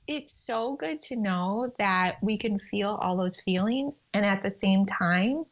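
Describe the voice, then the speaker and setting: A woman guest telling animated stories on a faith podcast, often acting out her prayers in a higher voice. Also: slow pace, few pauses, highs cut off. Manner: animated storyteller, acts out prayers in a high voice. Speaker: guest, time management coach.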